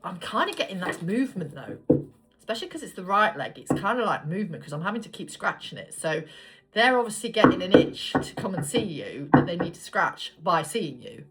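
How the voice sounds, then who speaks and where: A woman's voice: fairly low pitch, noisy background. A woman giving a casual tarot reading to viewers, chatty and blunt, swearing freely as she draws cards. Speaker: tarot reader.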